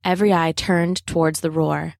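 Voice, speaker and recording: A woman reading a children's adventure story aloud, steady and dramatic. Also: sits low, moderate pace, gravelly, no room sound, studio quality.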